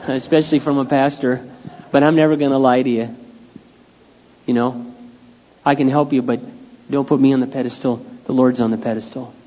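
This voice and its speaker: A middle-aged male pastor preaching a sermon in a candid, conversational way, moving between quiet asides and loud bursts, in a dull lo-fi recording of a large church hall with a long echo. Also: medium pitch, steady tone, brisk, long pauses.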